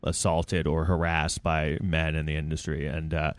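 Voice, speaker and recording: A man's voice: a bass voice, monotone, normal speed, no echo. A man co-hosting a podcast in casual, rambling chat, joking and slipping into mocking impressions.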